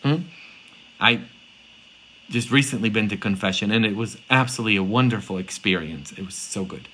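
Middle-aged man, priest giving an animated sermon; bright voice, peppers lines with "huh?". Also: lowish voice, moderate pace, a little hiss or hum, rough recording. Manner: animated storytelling, rhetorical "huh?" tag questions.

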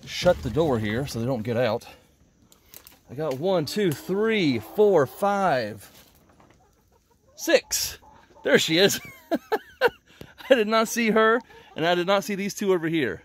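A man films himself doing backyard animal chores on a handheld phone, chatting and rambling as he goes. His voice is fairly high and swings up and down a lot. Chickens cluck behind him. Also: animated, measured pace, pauses often, husky. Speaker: homesteading vlogger. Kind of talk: casual chat while doing farm chores. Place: outdoors at backyard animal pens.

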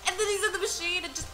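A young woman with an extremely high voice gushes and squeals over a video trailer, repeating her exclamations. The trailer music plays faintly, and the recording quality is low.

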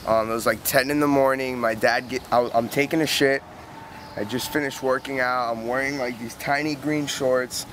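A man's voice: mid-range voice, steady tone, moderate pace, a bit bright. A young man telling a rambling, profane story outdoors beside a canal, speaking casually with lots of "like" and restarts. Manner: profane, rambling, heavy use of "like". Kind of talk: casual spoken anecdote. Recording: noisy outdoor recording with traffic. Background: outdoor street ambience with passing vehicles.

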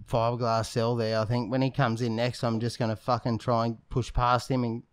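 A young man who swears constantly and talks in rambling, urgent bursts. His voice sits at a middling pitch and is recorded dry and close to the mic. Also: flat delivery, fairly quick, smooth, no room sound. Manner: crude, swearing, acting panicked. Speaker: podcast guest.

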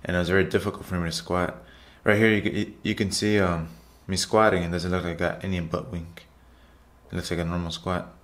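A man's voice: low voice, flat delivery, fairly quick, a bit bright. A man narrating his workout footage as a casual vlog voiceover, chatty and repetitive, often calling out to his viewers. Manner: loose, repetitive, chatty, says "guys" often. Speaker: fitness vlogger.

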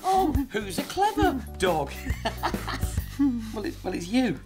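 Heavily acted over music, this older man's voice is extremely high and swoops wildly as he slowly plays a grandfather. Cheery and teacherly, he coaches his dog through letter sounds both outdoors in the garden and indoors at home.

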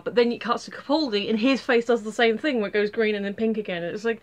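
A woman's voice: mid-range voice, fairly even intonation, fast talker, few pauses, fairly bright tone. A woman giving a casual spoken review, chatty and rambling, with lots of fillers and restarts.

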